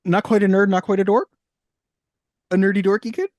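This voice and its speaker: A man's voice: high-pitched, fairly even intonation, brisk, a little mellow, dry recording, clean studio sound. A man in his thirties from Long Island co-hosting a podcast in casual chat, rambling and hedging as he thinks aloud. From Long Island, New York. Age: 30s. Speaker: podcast co-host.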